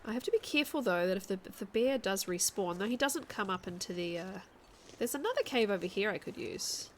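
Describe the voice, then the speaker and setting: A woman streaming a video game, chatting casually with her viewers and thinking out loud as she plays. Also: medium pitch, lively intonation, a little fast, slight background noise. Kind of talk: casual chat while playing a game.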